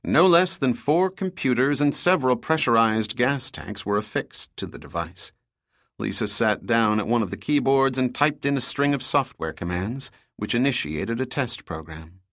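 Male audiobook narrator, average pitch, steady, dry close recording. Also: no echo. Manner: steady, measured storytelling. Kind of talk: scripted narration.

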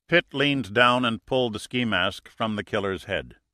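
A man narrating a thriller audiobook in a steady, measured way. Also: lowish voice, no echo, clean studio sound.

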